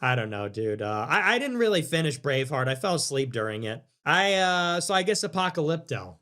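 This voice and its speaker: A young man streaming live, talking in a loose, profane rant. His voice sits a touch high for a man, and he swings between mock-sincere thanks and sarcastic tirades. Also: big pitch swings, a little fast, bright, forceful tone. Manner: crude, ranting, sarcastic. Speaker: livestream host. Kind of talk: casual livestream chat.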